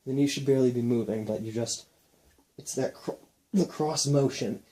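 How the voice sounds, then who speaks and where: Young man, fitness instructor, casual demo talk, mid pitch, counts reps aloud. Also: normal speed, slight background noise. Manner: relaxed, talks while demonstrating moves, counts reps aloud. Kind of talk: casual exercise demonstration.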